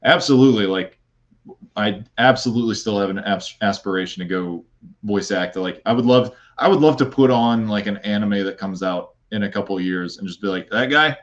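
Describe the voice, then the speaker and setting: A man's voice: on the low side, brisk, lo-fi sound. A man chatting as a podcast guest, rambling and playful, with many fillers and restarts. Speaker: guest, content creator. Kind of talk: casual podcast chat.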